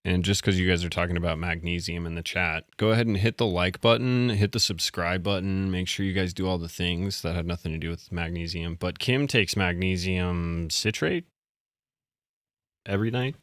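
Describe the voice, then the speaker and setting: A man co-hosting a live stream, chatting casually and thinking out loud with self-deprecating asides. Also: deep voice, brisk, hardly any pauses, dry recording, clean studio sound. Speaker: co-host.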